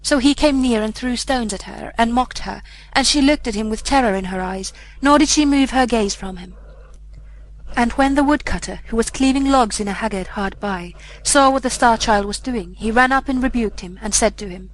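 A woman reading an old fairy tale aloud in a measured, even storybook narration. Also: on the high side, slight background noise, poor audio. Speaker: audiobook reader.

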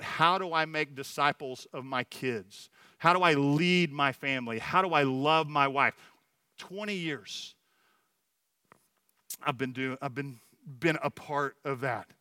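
A man's voice: fairly high pitch, bright, forceful tone, clear, resonant tone, no room sound. A middle-aged man preaching a sermon at a Sunday service, earnest and personal, telling stories with frequent restarts. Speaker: church leader speaking at a Sunday service.

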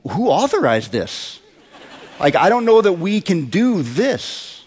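A man in his thirties preaching a sermon in a conversational way, often asking the congregation rhetorical questions. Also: on the high side. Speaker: pastor. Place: church sanctuary. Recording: long hall reverb.

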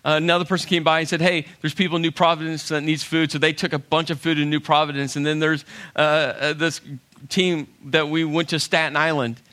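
Man, middle-aged, storytelling, animated, acts out voices, bright tone. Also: a little high, brisk. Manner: animated, humorous, acts out quotes. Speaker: speaker telling a story to an audience. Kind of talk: storytelling talk.

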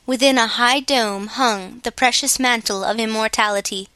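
A woman reading a storybook aloud as an audiobook narrator, steady and clear. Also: on the high side, moderate pace, no echo. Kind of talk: scripted narration.

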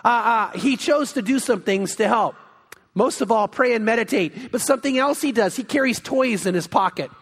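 Male pastor, high voice, animated storyteller, sanctuary reverb. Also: normal speed, husky. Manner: animated storytelling, acts out quotes. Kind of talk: sermon. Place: church sanctuary. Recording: long hall reverb.

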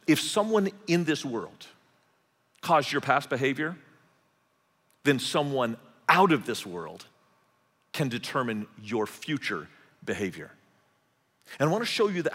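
A man preaching a sermon as pastor, animated and repeating words as he goes. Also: medium pitch, a little slow, long pauses, long reverb tail.

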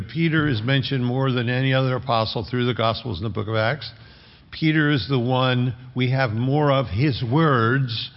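A man as pastor, preaching a sermon in an earnest, measured way and repeating key phrases. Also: mid-range voice, vocal fry. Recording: dull lo-fi recording with long hall reverb.

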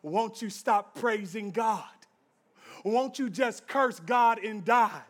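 A man's voice: high-pitched, takes it slowly, fairly bright tone. A male pastor voicing a male devil who whispers coaxing taunts, inside a sermon.

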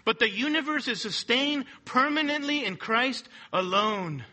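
A man's voice: very high-pitched, animated, unhurried, bright, forceful tone. A man preaching a sermon with emphatic delivery, asking rhetorical questions and repeating key phrases. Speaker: pastor.

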